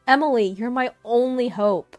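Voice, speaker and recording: A woman voicing an arrogant, desperate ex-husband in a storytelling narration, pushing his lines higher and louder when he pleads. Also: moderate pace, dry recording, soft background music, close to an everyday voice. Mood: pleading.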